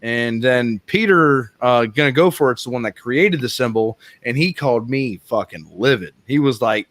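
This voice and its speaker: A man's voice: medium pitch, lively intonation, normal speed, a bit bright, no room sound. A man in a casual group chat telling a candid story, swearing casually. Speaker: chat guest.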